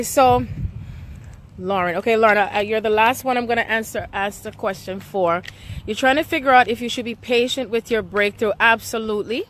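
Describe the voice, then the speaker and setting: A woman's voice: fairly high pitch, moderate pace, fairly bright tone, a little hiss or hum. Emotional woman doing a spiritual reading. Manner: emotional, repeats "okay?" often. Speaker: spiritual reader. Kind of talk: live-streamed spiritual reading.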